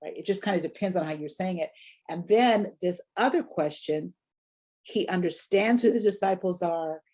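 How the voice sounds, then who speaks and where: A woman's voice: fairly low pitch, normal speed, dark tone. A woman leading a preaching workshop, teaching sermon delivery in a reflective way and posing rhetorical questions.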